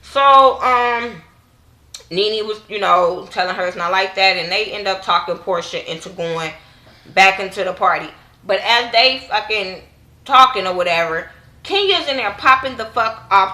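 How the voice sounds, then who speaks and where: Young woman vlogger, AAVE speech, blunt and profane, bright forceful tone, casual recap. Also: moderate pace, roomy sound. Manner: blunt, cussing, acts out quotes with raised pitch. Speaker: YouTube TV reviewer.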